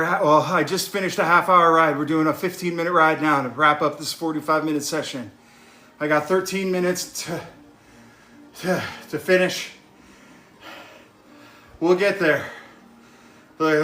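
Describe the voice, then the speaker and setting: Breathless man streaming from his bike, high and bright, gets loud when worked up; echoey home room. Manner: worked up, yelling at times. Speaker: fitness vlogger live streaming his workout. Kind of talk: live stream talk to chat while cycling. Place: indoors at home on exercise bike.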